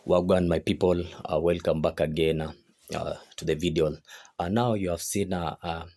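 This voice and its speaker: Male host, very deep and flat, halting with fillers. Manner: hesitant, many fillers. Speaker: host of reaction channel. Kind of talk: casual reaction-video intro.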